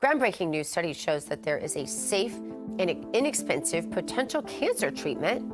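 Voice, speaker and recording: A woman's voice: on the low side, sing-song, moderate pace, over music. A woman co-hosting a morning news show, chatting casually and reading health news in an upbeat, chatty way from a studio. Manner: chatty, upbeat, laughs easily. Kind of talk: casual chat and read health news segment.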